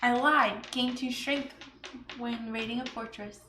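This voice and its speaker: Slow-talking giggly woman at a game table. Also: a little high, steady tone, sharp tone. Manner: giggly, counts aloud. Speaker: board game player. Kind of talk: casual chat while playing. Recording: echoey room with clear background noise.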